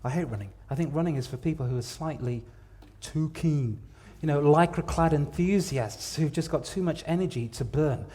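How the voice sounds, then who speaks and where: Speaking at an ordinary pace with hardly any pauses, a man whose voice runs on the high side preaches in church. He narrates dramatically, rising from hushed to loud and repeating words to stress them.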